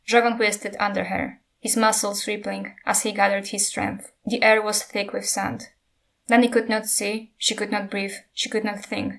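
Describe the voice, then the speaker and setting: A woman narrating a passage from a fantasy novel in a steady, even storytelling manner. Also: medium pitch, normal speed, creaky. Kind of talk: reading a novel aloud.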